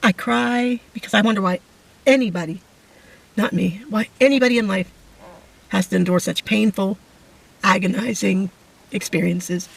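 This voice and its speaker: Gravelly-voiced woman near tears. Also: mid-range voice, far from the mic, poor audio. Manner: halting, emotional, fighting back tears. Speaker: vlogger sharing a testimony. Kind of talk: emotional personal testimony to camera.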